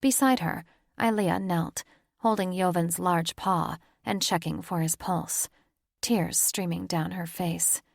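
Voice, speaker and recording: A woman narrating a paranormal romance audiobook with a measured, dramatic reading. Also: on the low side, gravelly, no room sound, studio quality. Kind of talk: scripted narration.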